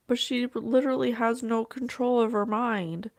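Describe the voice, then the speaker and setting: Psychic host, woman. Slow and halting, relays messages from spirit, vocal fry, dry close sound. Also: on the high side, fairly even intonation, dry recording. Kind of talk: thinking-aloud channeled reading.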